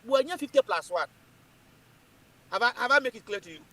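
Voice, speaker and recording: Emphatic high-voiced Ghanaian man. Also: lively intonation, quick pace, long pauses, bright, forceful tone. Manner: emphatic and repetitive, mixing English and Twi. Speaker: political commentator. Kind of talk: animated political talk.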